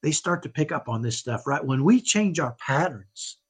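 Earnest husky-voiced man coaching parents. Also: a little high, expressive, moderate pace. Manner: earnest, tags points with "right?". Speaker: podcast guest, parenting coach. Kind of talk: motivational parenting talk.

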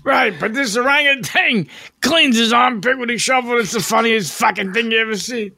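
A man voicing a dim-witted male customer who shouts and cannot follow instructions. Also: very high voice, creaky, no room sound, studio quality, exaggerated voice. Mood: insistent. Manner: shouty, laughing, slow and dense. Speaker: confused customer.

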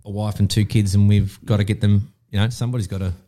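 Mellow-voiced musician. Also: male voice, on the low side, little pitch movement, fast talker. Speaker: musician guest. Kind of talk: casual interview chat.

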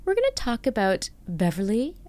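A woman hosting a podcast in an enthusiastic, expressive way, also reading the show's ad. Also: a little high, moderate pace. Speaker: podcast host. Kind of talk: casual interview chat and read ad.

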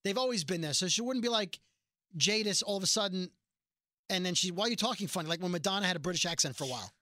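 A man's voice: high voice, fast, no room sound, clean studio sound. A man co-hosting a casual podcast, recapping episodes and acting out lines from scenes. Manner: animated storyteller, acts out quotes. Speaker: podcast co-host recapping a TV show. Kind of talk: casual chat.

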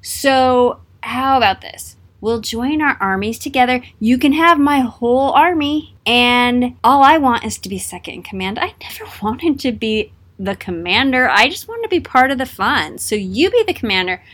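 A scheming male leader with big ambitions, smooth-talking and flattering, as a woman puts him on. The voice sits a little high and sweet-toned, wheedling its way through every line. It is told in a casual storytelling manner. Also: moderate pace, hardly any pauses.

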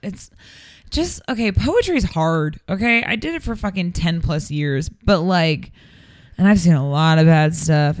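A woman's voice: on the low side, expressive, measured pace, no echo, clean studio sound. A woman with an Irish accent, a podcast guest in casual chat, sarcastic and sweary with rambling asides.

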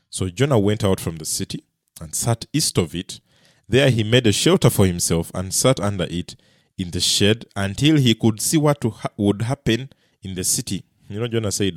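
A man preaching a sermon in an earnest way, swinging between loud emphasis and quiet asides, with a few repeated words and restarts. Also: fairly low pitch, animated, normal speed, dry recording, studio quality. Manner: earnest, rises and falls in loudness for emphasis.

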